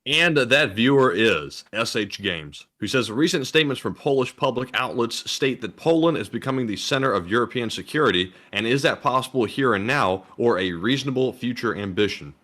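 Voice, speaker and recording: A man co-hosting a live stream, reading viewer questions aloud in a steady, announcing way and chatting casually. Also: mid-range voice, fairly quick, hardly any pauses. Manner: reads super chats aloud in a steady, announcing way.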